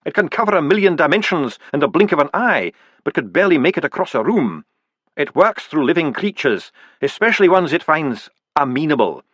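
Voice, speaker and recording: An earnest, urgent dwarf priest, voiced by a man, pressing his point with a lively, rising voice. He talks fast and persuasively, and his delivery is dry and close. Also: fairly high pitch, no room sound, pitched above the performer's own voice.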